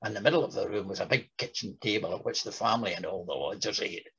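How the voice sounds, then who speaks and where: A man delivers a literary talk in a husky, gravelly voice that rises and falls a lot. He breaks into lively voices when he reads quoted passages. The recording sounds dull and lo-fi. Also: lowish voice, quick pace. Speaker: lecturer. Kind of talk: talk with dramatic readings.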